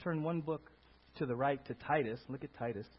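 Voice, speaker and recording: A male pastor preaching a sermon in a church, playful and animated, swinging between quiet asides and loud bursts. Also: mid-range voice, a little fast, slightly rough. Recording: dull lo-fi sermon audio.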